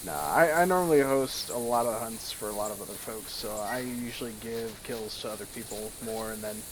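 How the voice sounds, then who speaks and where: A man joining a hunting game as a guest, talking in a relaxed, rambling way with lots of fillers. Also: fairly low pitch, moderate pace. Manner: relaxed, laughs easily, many fillers. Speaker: guest player. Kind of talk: casual gameplay chat. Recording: hissy mic with background noise.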